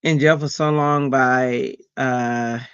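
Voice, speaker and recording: A man's voice: medium pitch, steady tone, slow, a bit bright, smooth, no room sound, dull audio. A middle-aged man hosting a crafting livestream, chatting casually, telling stories with animation and laughing often.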